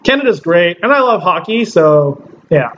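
High-voiced animated man from Southern California. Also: normal speed, muffled recording, slight background noise. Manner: animated storyteller who acts out quotes and laughs often. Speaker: podcast host. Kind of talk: casual chat, storytelling.

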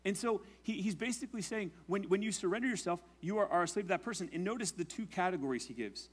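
A male pastor preaching a sermon in a conversational way, often checking in with "right?" and praying in a hushed voice. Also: expressive, fast talker, husky. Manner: prays in a low, hushed voice.

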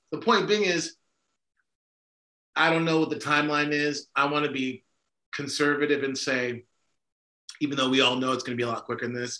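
A man's voice: a little high, bright, forceful tone. A man co-hosting a podcast, talking emphatically and discursively, often checking in with "right?". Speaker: podcast co-host. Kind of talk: conversational discussion. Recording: echoey room.

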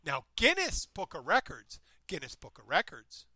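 Rambling male co-host, bright tense voice, dry close sound, casual chat. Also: high voice, moderate pace, slightly rough, dry recording. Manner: meandering, self-interrupting, animated retelling.

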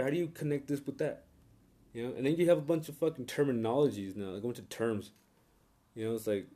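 Man ranting to camera, dark voice, swears constantly, circles back on himself. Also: medium pitch. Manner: combative, profane, repetitive; rambling with many restarts and fillers.

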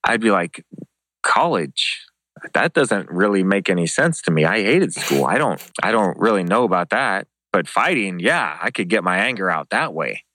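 Lower-voiced man telling animated stories. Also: moderate pace, no echo. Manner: animated, acts out quoted dialogue with pitch jumps; casual, swears freely. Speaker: interview guest, former MMA show host. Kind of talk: casual anecdotal storytelling.

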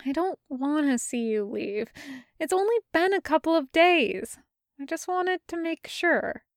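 Jester, a woman doing a high, earnest young woman. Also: animated, measured pace, dry recording, studio quality. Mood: earnest, reassuring. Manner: higher and louder than the narration, earnest. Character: warm, reassuring young woman lover.

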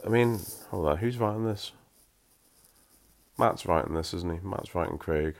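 A man's voice: low-pitched, normal speed, vocal fry. A man reading a story aloud, breaking off for wry, self-mocking asides.

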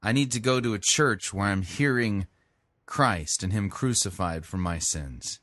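A man's voice: lowish voice, unhurried, a bit bright, no echo. A man commenting critically and sarcastically on a sermon clip he is playing. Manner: sarcastic, dry.

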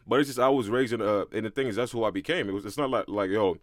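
Fast-talking young Brooklyn man, low voice. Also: no echo. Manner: fast, slangy, animated storytelling. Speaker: podcast co-host. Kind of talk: casual podcast chat.

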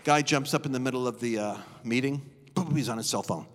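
A middle-aged man preaching live in a church, telling stories with animated, dramatic flair. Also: mid-range voice, a little fast. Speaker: guest preacher. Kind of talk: live sermon storytelling. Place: church auditorium. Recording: long reverb of a church hall.

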